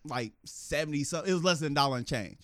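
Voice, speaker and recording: A man telling a story animatedly in casual podcast chat, laughing and acting out quotes in a higher voice. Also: rapid-fire, a bit bright, no echo, studio quality. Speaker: podcast co-host.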